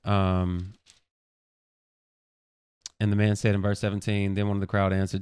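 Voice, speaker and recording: Man, podcast co-host, faith talk, smooth clear voice, dry close sound, animated storytelling. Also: on the low side, normal speed, long pauses, dry recording. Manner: retells scripture with lively acted-out quotes, many fillers.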